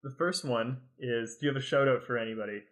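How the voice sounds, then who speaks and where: A man's voice: mid-range voice, fast talker. A man co-hosting a podcast, jokey and asking the guest questions in casual chat. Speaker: podcast co-host.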